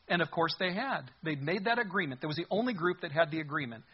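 A man's voice: fairly high pitch, lively intonation, fast talker, few pauses, slightly rough, dull audio. A man preaching a sermon as a pastor, reading scripture aloud and pressing his points with earnest, rising emphasis.

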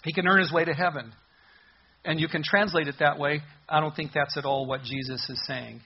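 A man preaching a sermon in an earnest, emphatic way, slowing down to stress key words. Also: fairly high pitch, steady tone, breathy edge, highs cut off. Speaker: pastor.

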